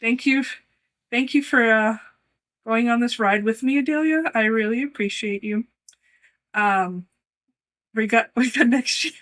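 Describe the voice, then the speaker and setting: A woman's voice: a little high, a little slow, long pauses, fairly bright tone. A woman co-hosting a casual chat, rambling and giggling often. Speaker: co-host.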